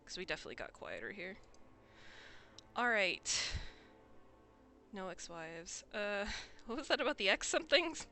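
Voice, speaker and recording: A woman's voice: mid-range voice, wildly swooping pitch, a little fast, sharp tone. A young woman streamer giving casual gameplay commentary in a wry, chatty way, swearing now and then.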